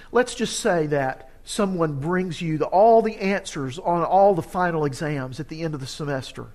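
Earnest man preaching a sermon. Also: a little high. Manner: earnest, urgent scripture reading.

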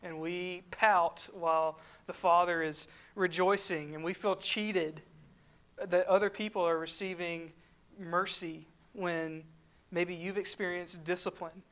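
A woman's voice: on the low side, steady tone, a little slow, fairly bright tone. A woman giving a sermon, conversational, with rhetorical questions and emphatic asides. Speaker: preacher.

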